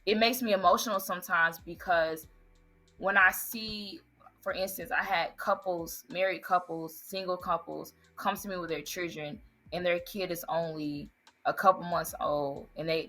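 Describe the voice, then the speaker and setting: A woman's voice: on the low side, steady tone, normal speed, sharp tone. A woman who owns an ice cream business, answering interview questions earnestly and politely. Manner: earnest, answers with "yes, sir". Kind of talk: interview guest.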